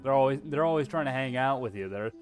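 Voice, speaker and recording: A man with a Texan accent chatting casually on a livestream, playful and hammy, swearing freely and letting out loud yeehaw whoops. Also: mid-range voice, quick pace, faint music behind. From Texas. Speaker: VTuber streamer.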